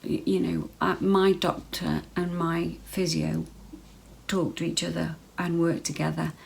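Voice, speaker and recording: A woman's voice: on the low side, flat delivery, unhurried, vocal fry, poor audio. A woman vlogging casual health advice straight to camera, chatty, full of ums and repeated phrases.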